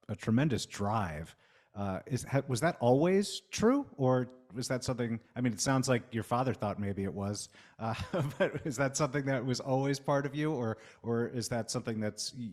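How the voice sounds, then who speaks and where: A man with a fairly low voice hosting an interview podcast. He asks his questions slowly and carefully, pausing on "uh" as he goes. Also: darkish tone. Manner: measured, hesitant, with "uh" pauses. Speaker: podcast host.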